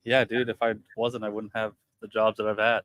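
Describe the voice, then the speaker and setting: A man co-hosting a podcast in easy, casual talk, relaxed and profane. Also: on the low side, brisk, dry recording. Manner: laid-back, swearing, agreeable sidekick.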